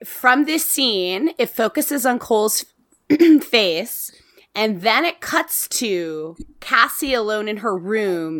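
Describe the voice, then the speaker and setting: A woman co-hosting a casual podcast chat about a TV series, animated, laughing often and swearing casually. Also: mid-range voice, no room sound, studio quality. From Latina heritage, not a place. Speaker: podcast co-host reviewing a TV series.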